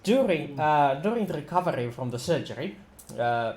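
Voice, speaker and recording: Male game master, slightly high voice, relaxed delivery, echoey room with faint hiss. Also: moderate pace. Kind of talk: running a tabletop game session.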